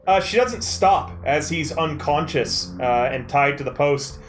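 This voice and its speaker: A man narrating a tabletop game as dungeon master, calm and measured with frequent fillers. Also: fairly high pitch, soft background music.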